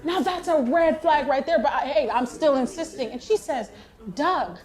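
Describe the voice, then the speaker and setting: A woman's voice: high-pitched, lively intonation, moderate pace, a little mellow. A woman playing an older male hospital patient who rambles chattily, with laughing asides, in a stage play monologue. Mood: rambling.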